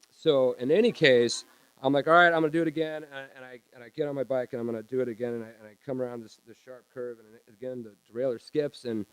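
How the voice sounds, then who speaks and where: A man telling a personal story live on stage in a small theater, halting and repeating words as he acts out his own reactions. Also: mid-range voice, clear, resonant tone, no room sound.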